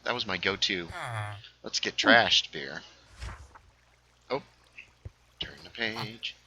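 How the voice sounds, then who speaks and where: A man's voice: lowish voice, takes it slowly, background noise. A young man casually chatting while streaming a game, a little tipsy, rambling with lots of fillers. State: slightly tipsy. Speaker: livestreamer. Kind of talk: casual gaming stream chat.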